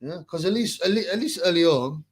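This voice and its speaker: Male stream host, crude rambling banter full of fillers, pitch a touch high. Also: expressive, a little fast, slightly rough. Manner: rambling, crude and jokey, heavy with filler sounds. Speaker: live-stream boxing chat host. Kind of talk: casual post-fight live-stream chat.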